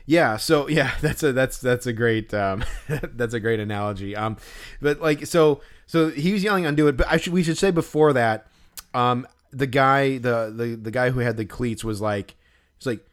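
A man's voice: medium pitch, moderate pace. A man co-hosting a podcast, telling a story in casual chat, rambling with many fillers and restarts. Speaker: podcast co-host.

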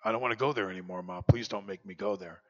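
A man's voice: lowish voice, fast, close to an everyday voice. A man voicing a frightened seven-year-old boy who pleads. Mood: pleading. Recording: dull lo-fi recording, long hall reverb.

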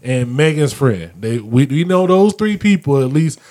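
A man's voice: medium pitch, expressive, normal speed, a little mellow. A man hosting a podcast, rambling and laughing as he talks. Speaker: podcast host. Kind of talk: casual joking chat.

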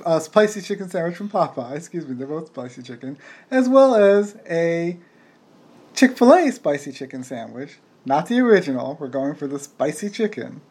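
A man co-hosting a casual podcast in a playful way, at times slipping into a booming ring-announcer bit. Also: a little mellow. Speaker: podcast co-host.

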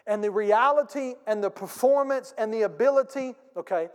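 Pastor guy preaching, kinda high voice, gets the crowd to say stuff back, long church echo. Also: moderate pace, smooth. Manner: emphatic preaching with audience call-and-response and acted-out anecdotes. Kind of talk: sermon. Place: church sanctuary.

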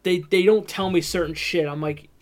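A man's voice: high-pitched, steady tone, moderate pace. A man in his twenties in casual chat, blunt and swearing as he chimes in. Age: 20s.

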